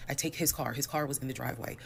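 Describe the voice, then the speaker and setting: A woman, telling a personal story in a fast, animated and detailed way. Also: extremely low pitch, gravelly, a little hiss or hum. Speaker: storyteller in a played video.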